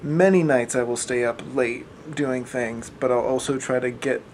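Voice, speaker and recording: A man's voice: medium pitch, fairly even intonation, moderate pace, a little mellow, slight background noise. A young man talking through his thoughts in a casual, rambling vlog monologue, recorded on a camera mic.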